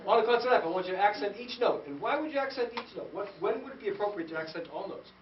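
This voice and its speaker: Animated man conducting a school band. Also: high voice, very fast. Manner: animated, playful, quizzing students. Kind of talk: school band rehearsal instruction. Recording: distant, echoey, dull room recording with hiss.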